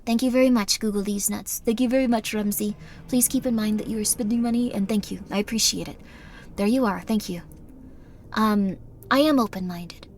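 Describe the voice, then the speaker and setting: A woman's voice: mid-range voice, fairly quick, a little hiss or hum. A woman streaming a game live, talking to chat in a rambling, earnest and apologetic way.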